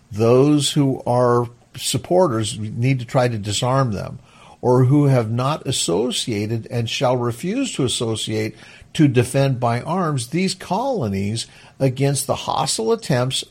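Guy reading old congress resolutions out loud, stumbles a bit, then breaks it down casually, mid-pitch voice. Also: gravelly, slightly rough. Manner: reads formal text haltingly, then explains it in plain words. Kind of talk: reading historical documents aloud with commentary.

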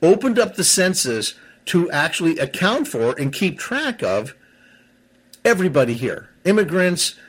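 A man's voice: fairly high pitch, big pitch swings, unhurried, slightly rough. A man giving heated political commentary on a talk show, often stumbling and restarting his sentences as he gets worked up. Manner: heated, stumbles and restarts, self-described seething.

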